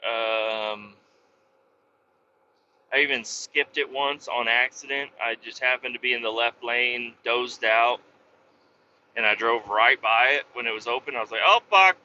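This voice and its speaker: A man, a truck driver, telling road stories in a casual, profane and animated vlog from his truck cab, with a dull lo-fi sound. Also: mid-range voice, measured pace, long pauses, slight background noise.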